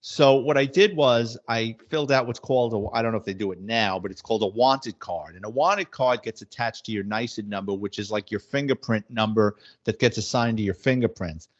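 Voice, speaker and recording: A man's voice: fairly low pitch, a little fast, few pauses. Blunt New man spinning cop stories. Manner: blunt, wisecracking, acts out quoted dialogue. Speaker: former police detective and author. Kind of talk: casual anecdotal storytelling. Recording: slightly muffled audio.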